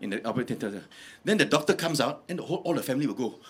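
A man doing stand-up comedy, animated and laughing through his bits. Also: mid-range voice, very fast, hardly any pauses, crowd noise.

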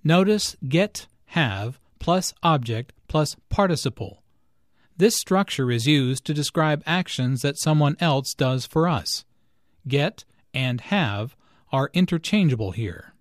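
A man reading a scripted English lesson, explaining grammar slowly and clearly. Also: a little high, lively intonation, dry recording, studio quality. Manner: slow, clear, carefully enunciated. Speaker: English teacher. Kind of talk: scripted language lesson with dialogues.

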